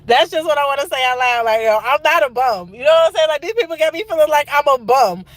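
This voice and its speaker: A woman's voice: high voice, lively intonation, quick pace. Emphatic woman with a Georgia accent. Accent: Georgia Southern US. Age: 30s. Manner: emphatic, repeats lines for effect, folksy Southern slang. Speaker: livestreamer. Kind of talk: casual venting monologue.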